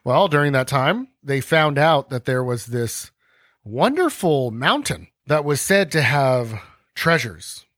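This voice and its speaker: A man's voice: medium pitch, very animated, takes it slowly, a bit bright, dry recording. A man hosting a podcast, explaining history casually, ranting and acting out scenes in comic voices. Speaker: podcast host.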